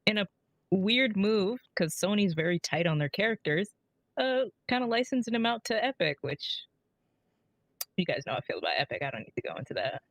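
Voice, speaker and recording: A woman's voice: medium pitch, very animated, a little fast, no echo, highs cut off. A woman co-hosting a gaming podcast over an online call, presenting topics in a wry, matter-of-fact way. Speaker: podcast co-host. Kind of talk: casual chat.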